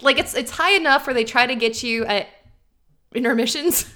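A woman's voice: sits high, normal speed, pushed and bright, a little hiss or hum. A woman co-hosting a podcast in casual chat, upbeat and teasing, laughing often. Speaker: podcast co-host.

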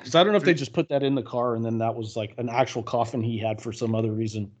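A man's voice: mid-range voice, fast talker. A man co-hosting a podcast, chatting loosely and profanely about a film with friends. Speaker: podcast co-host. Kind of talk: casual film discussion. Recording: muffled lo-fi audio.

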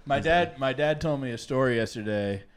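A man's voice: normal speed, slight background noise. A man co-hosting a casual comedy podcast, laughing often and telling stories about his dad. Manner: animated, laughing, mimics his dad in a low voice. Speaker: podcast co-host.

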